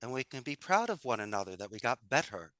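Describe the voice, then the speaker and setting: A man's voice: mid-range voice, very animated, fast, a bit bright, no echo. A man talking as an interview guest about running his business and giving motivational advice, with an enthusiastic, coaching manner. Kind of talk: casual interview chat.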